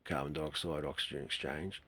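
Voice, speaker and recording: An Australian man talking in an earnest, rambling way, trailing off quietly and then swelling suddenly. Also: very deep voice, steady tone, normal speed, slightly rough, no echo. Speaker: host. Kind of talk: rambling spoken talk.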